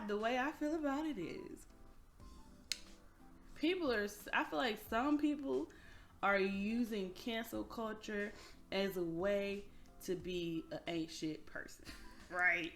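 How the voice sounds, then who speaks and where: A young woman hosting a casual podcast, telling stories in a lively, slangy way and laughing often. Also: medium pitch, slow, faint music behind. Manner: animated storytelling, frequent laughter, slangy. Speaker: podcast host.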